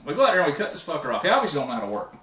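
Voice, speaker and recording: A man's voice: fairly high pitch, racing, a crowd in the background. A man telling profane, laughing wrestling stories in a casual chat. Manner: animated, profane, laughing storyteller. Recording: echoey room, distant mic, faint noise.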